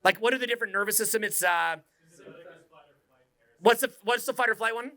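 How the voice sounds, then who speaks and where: A man giving a live seminar talk in a room without speakers, energetic, joking and profane. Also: sits high, fairly quick. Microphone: unamplified room talk.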